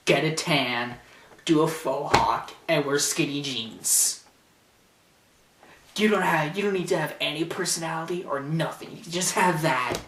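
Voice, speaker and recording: Slow, sarcastic teenage boy ranting. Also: a little high, a bit bright, echoey room, far from the mic. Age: teens. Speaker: vlogger. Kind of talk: ranting vlog. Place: bedroom. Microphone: camcorder mic.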